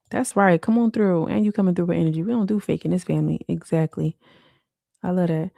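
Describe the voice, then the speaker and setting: A woman's voice: on the low side, vocal fry, dark tone, no echo, clean studio sound. A woman hosting a casual late-night livestream, talking in slang and answering viewer comments. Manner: slangy, frequent "like" and "you know". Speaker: livestream host.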